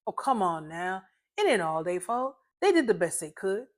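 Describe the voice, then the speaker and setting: A woman's voice: mid-range voice, very animated, moderate pace, lightly acted. A woman voicing Uncle, a blunt, wry old man telling family history in a story reading.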